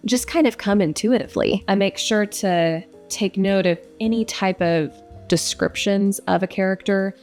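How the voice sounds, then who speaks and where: A woman's voice: medium pitch, moderate pace, a little mellow, soft background music. A young woman who narrates audiobooks, answering interview questions in a casual, reflective way with frequent fillers.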